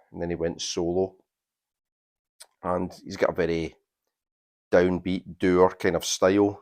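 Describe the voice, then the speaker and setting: Male vinyl vlogger, low voice, chatty and enthusiastic, casual collection show-and-tell. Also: darkish tone. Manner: chatty, enthusiastic, shows records while talking. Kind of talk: casual record-collection vlog.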